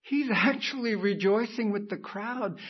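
A man's voice: high voice, unhurried, breathy edge, lo-fi sound. A man preaching a sermon as pastor, emphatic and building to fervent exclamations.

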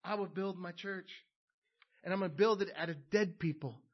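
A man's voice: moderate pace, slightly rough. Emphatic preacher, man, lo-fi sound. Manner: builds to loud emphatic peaks, then drops low and quiet. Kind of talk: sermon. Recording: dull lo-fi sound.

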